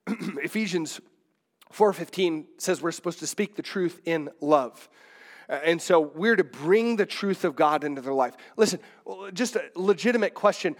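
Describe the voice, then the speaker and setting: Conversational middle-aged man preaching, higher voice. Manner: conversational, digressive preaching with restarts. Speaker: pastor. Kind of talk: sermon.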